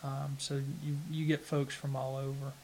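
A man with a Southern US accent, answering interview questions in an unhurried, plain-spoken way with halting restarts. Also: medium pitch, little pitch movement, creaky, darkish tone, slight background noise. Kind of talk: casual interview conversation.

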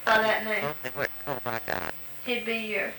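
A woman's voice: mid-range voice, very animated, extremely slow, pushed and bright. A woman interviewer asking prompt questions patiently, with frequent ums. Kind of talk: structured question-and-answer interview. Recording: roomy recording with background hiss.

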